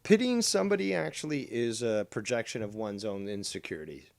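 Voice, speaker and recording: A man's voice: fairly low pitch, animated, brisk, creaky, dry recording. Sarcastic man on a dry-sounding stream. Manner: sarcastic, mocking. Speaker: livestream commentator. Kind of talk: livestream argument.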